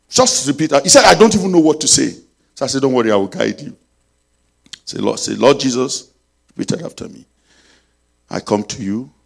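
A man preaching a sermon, telling a story and leading prayer, swinging between loud and soft. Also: mid-range voice, vocal fry, slightly rough.

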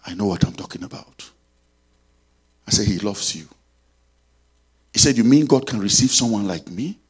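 A man preaching a sermon, telling a story and leading prayer, swinging between loud and soft. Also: fairly low pitch, animated, moderate pace, husky.

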